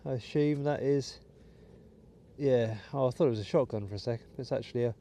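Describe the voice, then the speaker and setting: A British man from the United Kingdom runs a metal detecting channel and, digging outside in a wet field, offers casual commentary to viewers with muttered asides. His mid-range voice is mellow and fairly quick.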